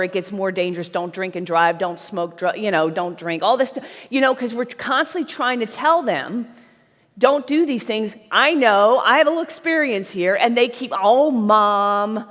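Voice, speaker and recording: A woman's voice: on the high side, a bit bright. Blunt woman speaker in a reverberant hall. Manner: blunt, emphatic, talks to the audience with frequent "right?". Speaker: sales trainer speaking at a conference. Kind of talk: live seminar talk. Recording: long reverb of a large hall.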